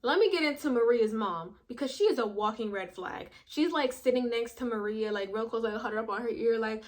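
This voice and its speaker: A young woman talks through a reality show episode in a loose, chatty way, full of slang. Her voice sits a little high, and she slips into quick impressions of the people she quotes. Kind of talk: casual recap commentary.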